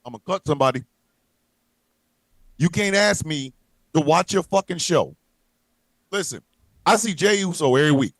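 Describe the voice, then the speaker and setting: A man's voice: a little high, lively intonation, normal speed, long pauses, dry recording. A man co-hosting a livestream, ranting angrily and profanely with lots of repetition. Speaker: co-host. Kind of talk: heated livestream rant.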